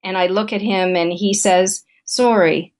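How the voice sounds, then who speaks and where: Brief: middle-aged woman, therapist guest, easy conversational storyteller, medium pitch. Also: level tone, moderate pace, a little mellow. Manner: candid, conversational anecdote telling. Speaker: guest relationship therapist and author. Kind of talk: interview storytelling.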